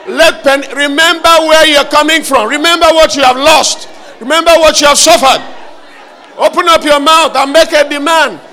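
A male preacher delivering a fervent revival sermon, shouting repeated calls for the congregation to pray aloud. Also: very high-pitched, creaky. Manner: fervent, repetitive exhortation.

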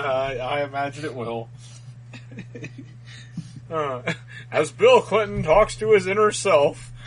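A man's voice: sits high, a bit bright, slight background noise, poor audio. A man co-hosting a podcast in casual chat, joking and laughing often. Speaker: podcast co-host.

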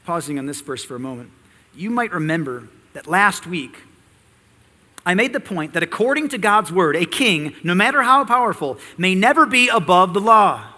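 A man's voice: high voice, big pitch swings, normal speed, pushed and bright, in a large hall. A man preaching an expository sermon, reading scripture and teaching earnestly, with rhetorical questions to the congregation. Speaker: pastor.

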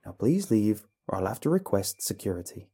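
A man voicing a calm, firm female flight attendant in a horror story reading. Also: fairly low pitch, fairly quick, husky, heavily acted.

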